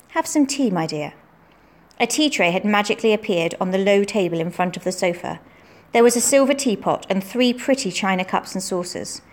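A woman narrating a storybook in a steady, clear reading voice. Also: medium pitch.

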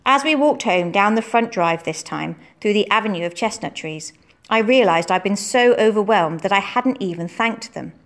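A woman narrating a storybook in a steady, clear reading voice. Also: mid-range voice, moderate pace.

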